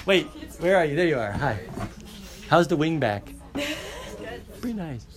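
A man's voice: fairly high pitch, very animated, measured pace. A man teaching a class, calling roll and chatting playfully with his students in a classroom.

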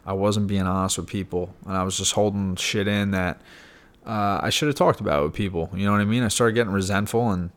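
Low-voiced young man, candid storyteller. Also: a bit bright. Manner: casual and frank, with frequent fillers and mild swearing. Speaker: podcast guest sharing his recovery story.

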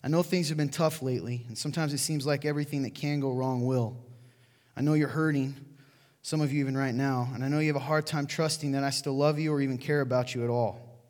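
A male pastor preaching in a church hall, his mid-pitched voice trailing off into a long reverb. He talks to the congregation in a loose, chatty way and drops playful asides to the crowd. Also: steady tone, fast talker, darkish tone. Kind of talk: sermon to a congregation.

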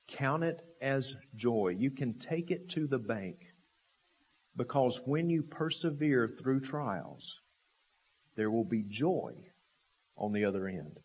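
A man preaching a sermon, emphatic and full of rhetorical questions, repeating key phrases and swinging from raised, forceful lines to low, quiet ones. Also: animated, a little slow, husky.

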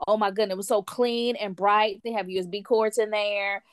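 A woman tells a story in a relaxed chat, full of life and jumping into other people's voices as she goes. Her voice sits at a middle pitch. The recording is close and dry, with no room sound. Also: a little fast, clear, resonant tone, no room sound. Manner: animated, acts out quotes of others. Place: lives in France.

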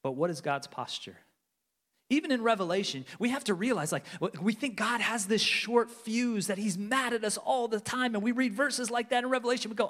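Brief: man in his 40s, pastor, sermon delivery, fairly high voice, long church-hall reverb, urgent then hushed. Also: animated, normal speed. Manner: swings between loud urgency and hushed near-whispers. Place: large church sanctuary.

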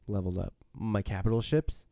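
A man hosting a casual chat while playing a mobile game, rambling, swearing casually and quick to laugh. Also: fairly low pitch, steady tone, warm tone, no echo. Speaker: host.

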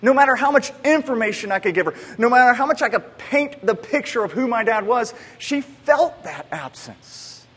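A man's voice: extremely high pitch, fast talker, few pauses, fairly bright tone. A man in his thirties preaching a sermon, telling stories in a loose, conversational way with many restarts. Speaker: pastor. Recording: long hall reverb.

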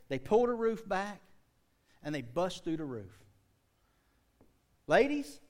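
A man in his forties with a Southern US accent, preaching a sermon and telling folksy stories with loud bursts and asides to the congregation. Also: high-pitched. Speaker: pastor.

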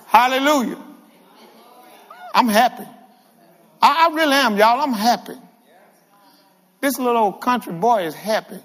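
Preacher, man, very high voice, lively call-and-response delivery, long church-hall reverb. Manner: animated, calls to the congregation. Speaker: guest preacher. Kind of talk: sermon.

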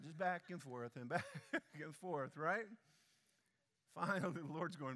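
A man's voice: on the high side, measured pace, long pauses, sharp tone, big-room sound. A man preaching a sermon in a church, speaking emphatically and putting questions straight to the congregation. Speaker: pastor. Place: church sanctuary.

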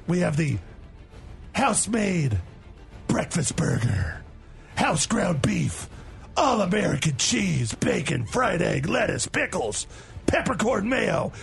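A man doing an impression of a gruff, brooding male superhero with a gravelly growl, reading menu specials with a strained throat. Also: sits high, very animated, takes it slowly, soft background music, heavily acted. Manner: mock-serious waiter reading specials. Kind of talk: on-the-spot impression.

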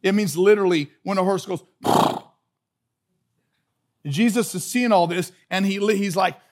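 A man's voice: high voice, a little fast. A man preaching a sermon as pastor, earnest and emphatic, often repeating his phrases for stress. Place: church sanctuary.

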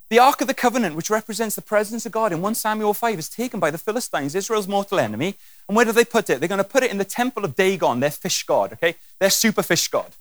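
A man's voice: high voice, fast talker, dry recording. A man preaching a sermon with humour, acting out scenes and voices as he goes. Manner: animated and humorous, acting out scenes.

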